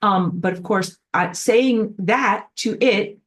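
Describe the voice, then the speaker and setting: A woman giving a spiritual class lecture in an animated way, filled with frequent "like". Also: mid-range voice, slow pace. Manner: animated, acts out quoted voices, frequent "like". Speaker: spiritual teacher.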